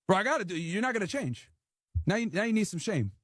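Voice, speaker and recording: A man's voice: high-pitched, very animated, quick pace, fairly bright tone, no room sound, clean studio sound. A man hosting a livestream in a casual, slangy style, teasing and playfully scolding in repeated bursts. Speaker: livestream host.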